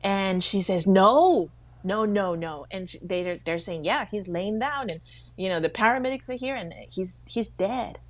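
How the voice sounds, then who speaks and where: A woman co-hosting a faith talk show, telling a story with lively quoted voices. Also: medium pitch, moderate pace, no room sound. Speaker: co-host.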